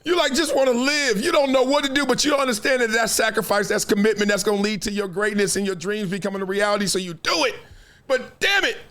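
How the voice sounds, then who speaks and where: A man hosting a casual commentary show, telling animated stories and acting out quotes. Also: sits high, fast. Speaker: show host.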